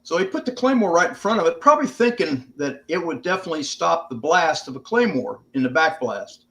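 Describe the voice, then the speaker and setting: A man's voice: fairly high pitch, very animated, fairly quick, pushed and bright. An older American man, a veteran guest on an interview podcast, telling stories in a plainspoken, casual way with some swearing. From United States.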